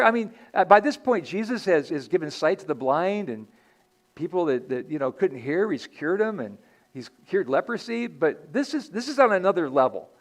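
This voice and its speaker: A man preaching a sermon in a church as pastor, earnest and conversational, often restarting his sentences. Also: on the high side.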